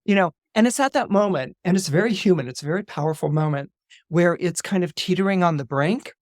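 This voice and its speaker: A man's voice: sits high, fairly quick, no room sound, studio quality. A man, an astrologer guest on a podcast, retelling a story with animation, often repeating words and acting out the dialogue.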